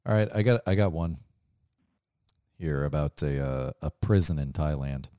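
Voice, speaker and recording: A young man with a very low voice co-hosts a comedy podcast, recounting odd news in loose, joking chat. The sound is close and dry, with no room around it. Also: moderate pace, clean tone, no echo. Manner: storytelling, swearing, laughing loudly. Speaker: podcast co-host.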